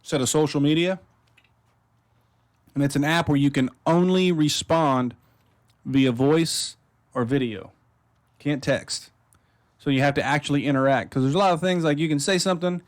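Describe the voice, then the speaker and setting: A man's voice: fairly high pitch, steady tone, normal speed, pauses often. Profane, blunt man chatting. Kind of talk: casual chat.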